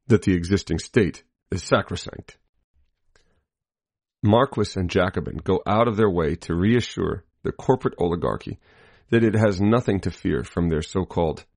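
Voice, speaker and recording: A man reading a scripted political commentary in a measured, deliberate way, marking each quotation aloud. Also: low voice, a little mellow, no echo. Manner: spells out quotation marks.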